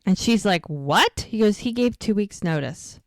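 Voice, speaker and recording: A woman co-hosting a rewatch podcast, casually retelling scenes and quoting the characters in quick bursts. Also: medium pitch, no echo, studio quality. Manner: chatty, quotes characters in quick lively bursts. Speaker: podcast co-host recapping episodes.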